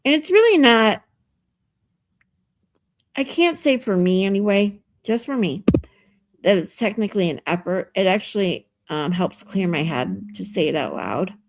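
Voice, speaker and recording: A woman's voice: mid-range voice, animated, unhurried. A woman live streamer chatting casually with her viewers, reading out and answering their comments and laughing often, from a hotel room.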